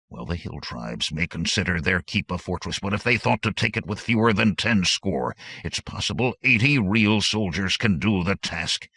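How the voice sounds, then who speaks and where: A man voicing a hard, contemptuous army captain who speaks low and forcefully. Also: husky, heavily acted. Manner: growling, contemptuous. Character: hard veteran captain, middle-aged, stern and forceful.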